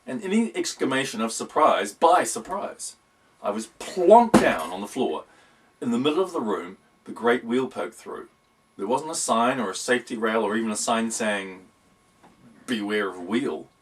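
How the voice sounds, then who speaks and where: A man's voice: medium pitch, sing-song, normal speed, slight background noise. A man narrating a whimsical storybook in a wry, playful tone. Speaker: audiobook reader. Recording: voice distant from the mic.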